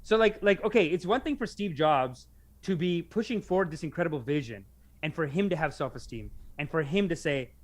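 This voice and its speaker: Young man, casual podcast co-host, lively up-and-down voice, slightly high pitch, animated and profane. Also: a little fast. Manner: animated, swearing, mimics yelling.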